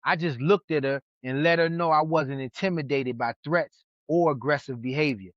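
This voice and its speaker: A man from New York hosting a podcast, telling stories in a casual, animated way and acting out what other people said. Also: a little high, moderate pace, no echo. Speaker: podcast host. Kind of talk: casual storytelling chat. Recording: dull lo-fi sound.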